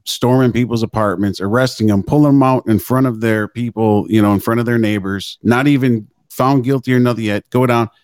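A man's voice: mid-range voice, steady tone, brisk, few pauses, darkish tone, no room sound. A man in a live-stream discussion who speaks indignantly and hammers his points home by repeating them.

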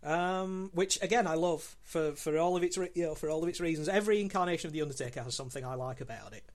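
Male guest co-host, slightly higher voice, eager, halting delivery full of ums. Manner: enthusiastic with frequent ums and restarts. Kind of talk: casual podcast discussion.

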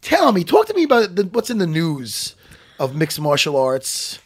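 A man co-hosting a casual podcast, playful and excitable, breaking down fight technique. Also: high voice, normal speed, slightly rough. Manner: playful, excitable, talks through martial arts technique. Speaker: podcast co-host.

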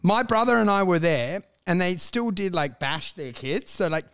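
A man in casual podcast chat, an animated storyteller who swears freely. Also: high voice, moderate pace, clear, resonant tone, dry recording.

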